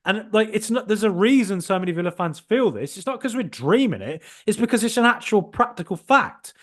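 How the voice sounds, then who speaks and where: A man hosting a casual football podcast, animated and joking, with mild swearing and frequent restarts. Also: high voice, a little fast. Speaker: podcast host.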